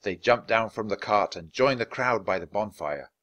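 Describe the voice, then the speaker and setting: Man, storybook narrator, lively animated pitch, expressive reading, clear pacing. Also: moderate pace. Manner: expressive, voicing each character. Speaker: audiobook reader.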